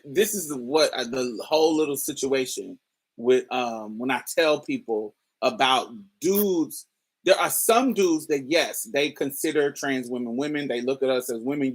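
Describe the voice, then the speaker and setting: A woman's voice: extremely low pitch, animated, a little slow, breathy edge. Candid, laughing woman telling a story. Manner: candid, profane, laughs often. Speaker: storyteller host. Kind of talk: casual personal storytelling.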